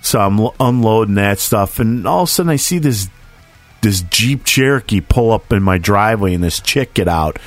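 A man's voice: lowish voice, lively intonation, moderate pace, faint music behind. A middle-aged man telling a rambling, profane, self-mocking anecdote in casual chat. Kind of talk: casual storytelling.

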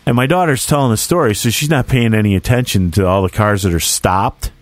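A man's voice: on the low side, brisk, no echo. A man in his forties telling a family story in casual chat, acting out the voices of the people in it. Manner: animated storyteller who acts out the voices in his stories.

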